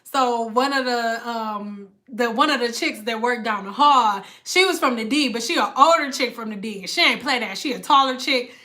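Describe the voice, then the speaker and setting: A woman's voice: on the high side, normal speed, few pauses. A woman hairstylist telling a story in a casual, slangy livestream chat, acting out the people in it. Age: adult with a daughter. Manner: animated slangy storyteller who acts out the people in her story.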